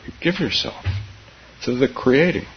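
A man giving a dharma talk as a meditation teacher, soft-spoken and halting, often laughing gently between phrases. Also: medium pitch, animated. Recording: dull, slightly hissy recording.

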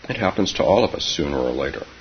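Older man reading as a gentle old grandmother. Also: rumbling low, lively intonation, quick pace. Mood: fond. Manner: soft, fond. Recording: muffled recording with hiss.

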